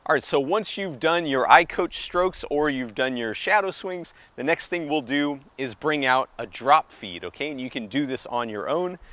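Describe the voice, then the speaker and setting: A man's voice: fairly high pitch, animated, moderate pace, few pauses, fairly bright tone, dry recording. A man giving an outdoor tennis lesson, counting beats aloud as he demonstrates strokes and encouraging the viewer, a little out of breath from moving. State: slightly out of breath. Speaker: tennis coach. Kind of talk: instructional on-court demonstration.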